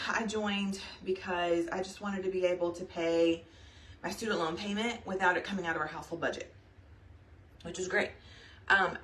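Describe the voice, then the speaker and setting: A woman's voice: medium pitch, fairly bright tone, recorded from a distance. A young woman, a pregnant team leader, talking casually and rambling to her team on a live video, saying y'all with lots of fillers. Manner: chatty and rambling, says y'all, frequent fillers. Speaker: direct sales team leader.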